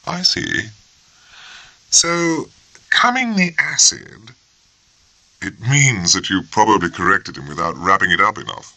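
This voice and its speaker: A man's voice: on the low side, sing-song, measured pace, pauses often, bright, forceful tone, no echo, pitched above the performer's own voice, exaggerated voice, rough recording. A man voicing a grave, formal and very courteous naval officer who speaks with stiff precision. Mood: dryly amused.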